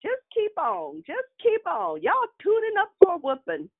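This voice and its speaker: A woman's voice: very high-pitched, wildly swooping pitch, voice pushed up, full character voice. A woman voicing a stern old grandmother with a Mississippi accent, scolding children and warning of a whooping. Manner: scolding, threatening, drawn-out warnings. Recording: tinny phone-like line.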